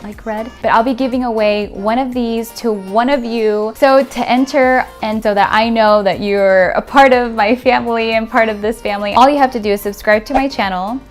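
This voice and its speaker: A woman's voice: fairly high pitch, steady tone, normal speed, few pauses, soft background music. A woman hosting a home cooking vlog, talking to viewers in an effusive, chatty way with plenty of "like" and "you know", gushing with gratitude. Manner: gushing and grateful toward viewers. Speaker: cooking channel host. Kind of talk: casual cooking vlog sign-off.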